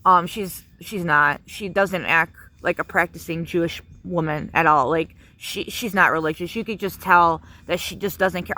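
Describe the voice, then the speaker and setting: A woman's voice: lowish voice, moderate pace, few pauses, bright, forceful tone. A woman in a casual vlog rant, angry and profane, full of fillers like "um" and "like.". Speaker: vlogger.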